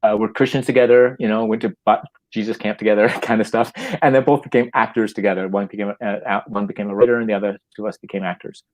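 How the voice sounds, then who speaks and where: Speaking fast in a lowish voice, this middle-aged Canadian man, a playwright and actor, shares an anecdote casually. It's lively and full of laughter, with quoted lines performed and plenty of false starts.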